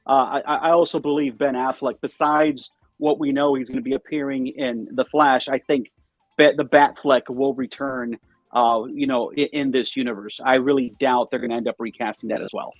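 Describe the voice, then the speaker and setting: A man's voice: medium pitch, steady tone, normal speed, no echo. Hesitant man on dull, lo-fi audio. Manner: hesitant, with frequent uhs. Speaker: guest panelist. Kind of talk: casual livestream chat.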